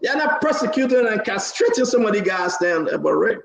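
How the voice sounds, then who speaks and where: A man's voice: high voice, big pitch swings, brisk, creaky, a bit bright, echoey room, low-quality recording. A man, hosting a live talk show and hammering his points with repeated phrases. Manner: emphatic, repeats phrases, laughs between points.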